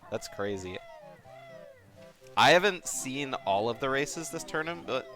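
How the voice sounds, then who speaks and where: A man giving casual commentary on a race, chatty and relaxed, laughing often and leaning on fillers. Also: medium pitch, unhurried, soft background music.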